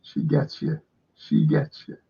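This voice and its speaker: A man's voice: fairly high pitch, completely flat delivery, slow, vocal fry, slightly rough. An older man hosting a casual livestream, rambling with many fillers and repeating himself as he reads the chat. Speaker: livestream host reading chat. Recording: dull lo-fi stream audio.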